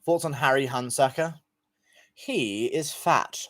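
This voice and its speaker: A man's voice: medium pitch, slow pace, fairly bright tone. Profane young male streamer reading chat. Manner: profane, rambling, reacts to chat. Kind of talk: casual livestream chat reading.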